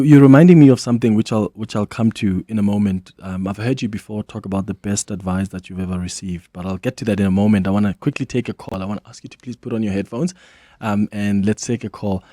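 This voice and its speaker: A man's voice: lowish voice, fairly quick, warm tone, no echo, clean studio sound. A man hosting a radio interview, attentive to his guest and giving frequent affirmations. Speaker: radio host. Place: radio studio. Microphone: studio microphone.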